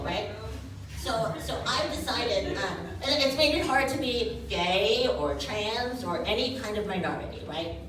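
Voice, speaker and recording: A woman performs stand-up in a chatty, animated way, tossing "right?" to the crowd again and again. Her pitch swings up and down a lot as she talks. The sound is distant and very echoey, with steady crowd noise under it. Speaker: stand-up comedian. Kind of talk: stand-up comedy set. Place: comedy stage, live crowd. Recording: very echoey room, distant mic, noisy.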